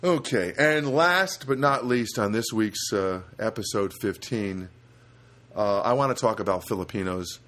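A man's voice: on the low side, measured pace, a bit bright. A man from New Jersey hosting a solo podcast from a studio apartment, rambling casually with many fillers and restarts. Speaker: podcast host.

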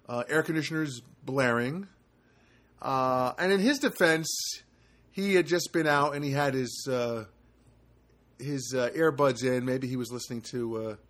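Recording a casual solo show on a homemade podcast rig in his apartment studio, a man tells rambling stories packed with fillers and self-corrections. His voice is mid-range and a bit bright.

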